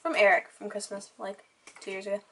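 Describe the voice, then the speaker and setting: A woman's voice: medium pitch, little pitch movement, fairly quick, sharp tone. A teenage girl talking through her things in a casual, rambling show-and-tell chat, with lots of "like" in her speech. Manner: chatty, rambling, heavy use of "like". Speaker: vlogger. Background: crying children.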